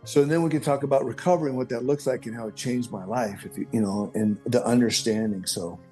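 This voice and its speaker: A man's voice: medium pitch, fast, faint music behind. Rambling middle-aged man telling his story. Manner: rambling, animated, with self-corrections. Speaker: podcast guest. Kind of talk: personal storytelling.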